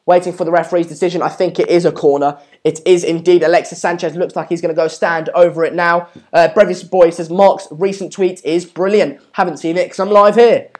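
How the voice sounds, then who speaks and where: A man's voice: high-pitched, steady tone, a little fast, hardly any pauses. Chatty young man hosting a football watchalong. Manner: chatty, lots of ums, urges viewers to subscribe. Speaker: live stream watchalong host. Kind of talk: live football watchalong commentary, reading chat.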